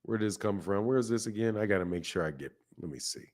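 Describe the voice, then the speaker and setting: A man's voice: fairly low pitch, fast. A man hosting a live boxing stream, chatting casually and reading out viewers' names from the chat. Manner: animated, talkative, reads chat names aloud. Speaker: boxing channel host.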